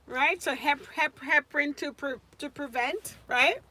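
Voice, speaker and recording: A woman's voice: sits high, a little slow, sharp tone. A woman tutoring nursing students on a casual live stream, chatting and answering viewers' comments by name.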